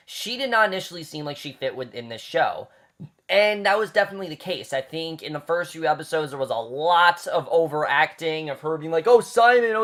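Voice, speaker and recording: A man's voice: fairly high pitch, a bit bright. Chatty man reviewing a TV season. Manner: chatty, many fillers and repeated phrases. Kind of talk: casual vlog review.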